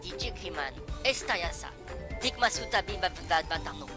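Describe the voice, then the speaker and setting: A woman's voice: on the low side, lively intonation, fairly quick, over music, close to an everyday voice. A woman voicing a cartoon game character who babbles nonsense syllables in a bouncy sing-song. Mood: chattering.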